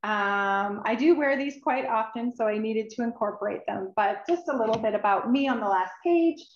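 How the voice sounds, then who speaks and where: A woman reading her own children's book aloud, expressive and emotional, with sighs and drawn-out words. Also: fairly high pitch, a little hiss or hum. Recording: roomy, dull recording.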